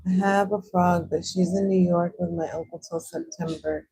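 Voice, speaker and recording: A young woman chats on a livestream as she swatches watercolors, reading out and answering viewers' comments. Her voice is husky and mellow and sits a little low. Now and then it leaps up high with excitement. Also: moderate pace, few pauses, poor audio. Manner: chatty, reads out and answers chat comments; animated, jumps into high squeals of excitement. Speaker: livestream host. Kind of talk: casual chat while swatching watercolors.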